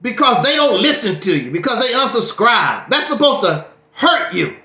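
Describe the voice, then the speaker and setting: A man's voice: very high voice, big pitch swings, normal speed, pushed and bright. A man giving a casual livestream monologue, preachy and joking with a dramatic streak. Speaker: YouTube streamer. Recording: echoey room.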